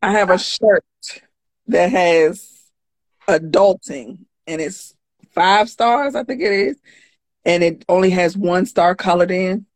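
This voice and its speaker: A woman's voice: on the low side, takes it slowly, no room sound. A woman chatting casually, blunt and defiant with a joking edge. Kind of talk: casual chat.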